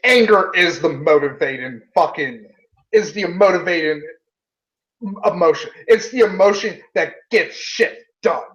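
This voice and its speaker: High-voiced angry man ranting. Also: unhurried, fairly bright tone, muffled recording. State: talking with candy in his mouth. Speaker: guest. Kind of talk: casual livestream chat.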